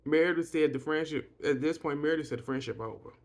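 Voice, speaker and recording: A man's voice: on the high side, fast talker, creaky. A man casually retelling a reality show reunion and giving his blunt, profane opinions, rambling with restarts. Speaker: reality TV recap vlogger.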